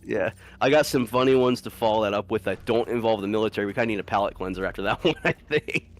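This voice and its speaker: A man's voice: on the low side, fast. Laughing, rambling man telling a story. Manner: rambling, swears freely, often breaks into laughter. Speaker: streamer telling a story to friends. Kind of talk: casual storytelling chat.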